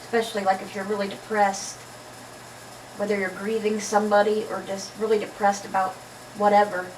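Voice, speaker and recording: A woman's voice: mid-range voice, level tone, fairly quick, darkish tone, a little hiss or hum. A woman with a slight lisp reads Bible passages aloud in a casual vlog and chats and jokes between the readings. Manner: chatty, joking between readings. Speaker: Bible reader. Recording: echoey room, far from mic.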